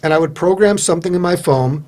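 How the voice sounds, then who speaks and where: A man being interviewed as a guest on a radio show, telling a personal story in a rambling, animated way with frequent restarts. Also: high voice, fast talker. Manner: animated, acts out dialogue while recounting events. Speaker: guest, founder of a motivational group.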